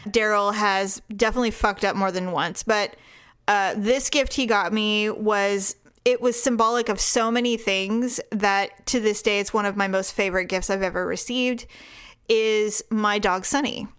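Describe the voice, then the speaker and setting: A woman co-hosting a podcast, telling a long story in casual chat, animated, swearing freely and laughing often. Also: medium pitch, moderate pace, smooth. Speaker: podcast co-host.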